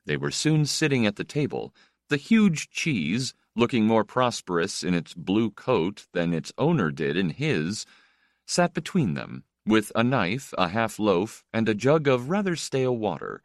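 A man reading a novel aloud as narrator, measured and expressive. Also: fairly low pitch, no room sound, clean studio sound. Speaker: audiobook narrator. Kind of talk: scripted narration.

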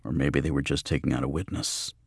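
A man's voice: very deep voice, fairly even intonation, fast, creaky, breathy edge, no echo, studio quality, exaggerated voice. A man reading an audiobook, voicing a hard-bitten male mercenary who speaks tersely and grimly. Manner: terse, grim, matter-of-fact.

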